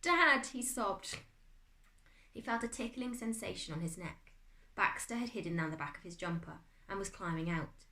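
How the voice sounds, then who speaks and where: A British woman teacher reading a chapter book aloud to her class, expressive and dramatic. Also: fairly low pitch, fairly quick. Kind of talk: storybook read-aloud. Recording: echoey room.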